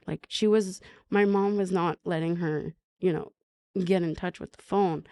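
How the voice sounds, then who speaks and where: A middle-aged woman, a podcast guest, telling an emotional recovery story in halting speech with many fillers and restarts. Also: on the low side, steady tone, darkish tone, dry recording. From Canada.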